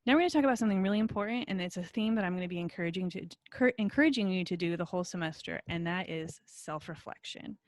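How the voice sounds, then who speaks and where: A college instructor with a lowish voice talks fast and barely pauses while walking through a recorded video lesson on her computer. Her manner is warm and encouraging, sprinkled with easygoing fillers, and the recording is close and dry.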